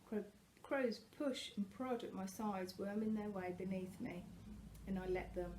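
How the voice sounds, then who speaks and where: A woman reading a first-person novel aloud, expressive and growing louder at tense moments, with the odd slip and self-correction. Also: medium pitch, a little hiss or hum, rough recording. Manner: occasional slips and self-corrections. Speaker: reader.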